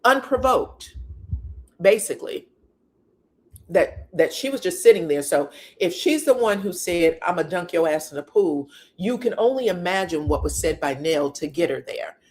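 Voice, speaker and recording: A woman talking through reality TV gossip in a sassy, expressive way. She peppers her recap with rhetorical questions and blunt, unfiltered asides, keeping it loose and conversational. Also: lowish voice, moderate pace. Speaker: reality TV commentator. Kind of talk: casual reality TV recap commentary.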